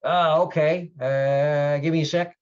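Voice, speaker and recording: Man playing a shaggy young clerk, chirpy, higher and louder than his own voice, hesitant, dull lo-fi sound. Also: steady tone, measured pace, clear, resonant tone, natural voice. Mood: casual helpful. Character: shaggy young male aquarium desk clerk.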